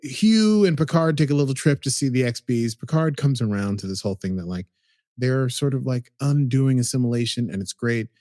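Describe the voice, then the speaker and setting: A man's voice: mid-range voice, animated, brisk, a little mellow, dry recording, studio quality. A man casually recapping a TV episode as a podcast co-host, rambling and chatty with lots of "like"s.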